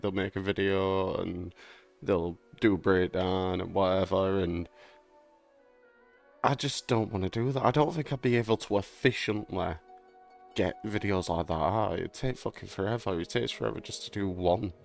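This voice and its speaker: A young man chats loosely about a game he remembers, swearing freely and laughing between thoughts. His voice is low with a gravelly rasp, and faint music plays behind him. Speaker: gaming vlogger. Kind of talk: casual rambling chat.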